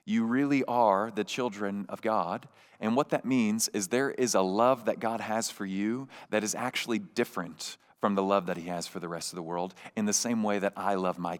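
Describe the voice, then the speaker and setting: A man in his thirties delivering a sermon in a fairly low voice. He talks to the congregation like friends, earnest and conversational, often restarting and checking in with "right?". He laughs warmly now and then. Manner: laughs warmly while telling stories. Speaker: pastor.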